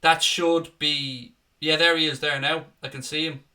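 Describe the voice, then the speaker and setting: A man's voice: on the high side, steady tone, a little slow, bright, forceful tone. A man hosting a casual live stream, chatting, swearing freely and reading out viewer comments.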